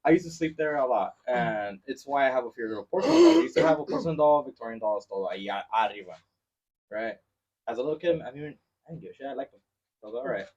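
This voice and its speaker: A man talks quickly as a podcast guest, telling his story with a loose, profane energy. His voice comes through a dull, lo-fi recording. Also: medium pitch, breathy edge, far from the mic. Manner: fast, animated, profane storytelling. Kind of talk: casual chat. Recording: dull lo-fi sound.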